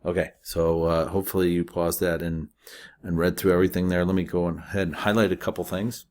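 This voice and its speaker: A man's voice: low voice, little pitch movement, a little fast, darkish tone. A man teaching a recorded math lesson, explaining steadily with frequent uh fillers.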